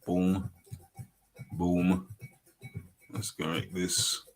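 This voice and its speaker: Rambling, low-voiced man host. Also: flat delivery, very slow, faint music behind. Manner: rambling, repeats phrases, chuckles often. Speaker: host of a combat sports radio show. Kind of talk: casual solo fight recap.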